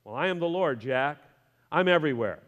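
A preacher giving voice to a calm, wry God. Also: male voice, fairly high pitch, a little fast, in a large hall, lo-fi sound, pitched below the performer's own voice.

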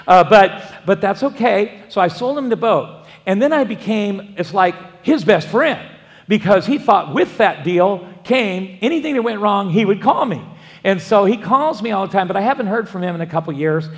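A man's voice: high voice, expressive, moderate pace. A man, a pastor, preaching a sermon and wandering into folksy personal stories with frequent restarts. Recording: long hall reverb.

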